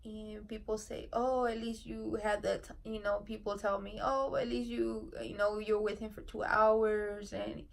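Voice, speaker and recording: A woman in her thirties tells an emotional story in a vlog, near tears, soft-spoken and halting with many fillers. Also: mid-range voice, little pitch movement, gravelly. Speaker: family vlogger.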